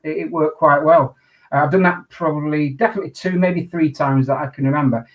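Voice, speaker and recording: A man, an undertaker interviewed as a guest, telling his stories in an animated way. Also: fairly high pitch, a little fast, narrow, tinny audio. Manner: animated anecdotal storyteller. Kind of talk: storytelling in an interview.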